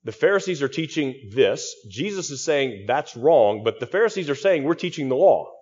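A man's voice: medium pitch, very animated, moderate pace, darkish tone, breathy edge, dull audio. A male pastor giving an expository sermon, teaching through a text with frequent restarts and repeated words.

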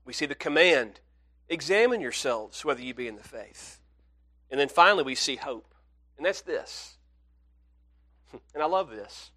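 A man preaching a sermon to his congregation, earnest, swinging from loud emphatic passages to hushed, pleading ones. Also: mid-range voice, animated, normal speed, pauses often, breathy edge. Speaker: pastor.

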